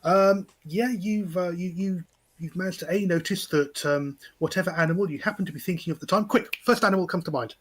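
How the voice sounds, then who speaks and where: A man's voice: high-pitched, brisk, breathy edge. A man running a tabletop game as game master, talking in a hesitant way with many fillers and restarts. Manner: hesitant, lots of "sort of" and restarts.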